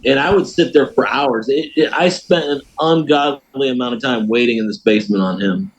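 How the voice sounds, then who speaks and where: An American man, a podcast guest, telling a story in a folksy, animated way. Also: medium pitch, normal speed, husky, highs cut off. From United States. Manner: animated storyteller, folksy, laughs at his own tale. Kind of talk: casual storytelling.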